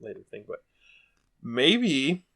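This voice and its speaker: A man's voice: medium pitch, very animated, slow, creaky, pushed and bright. A man hosting a casual book podcast, rambling and laughing a lot as he talks. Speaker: podcast host.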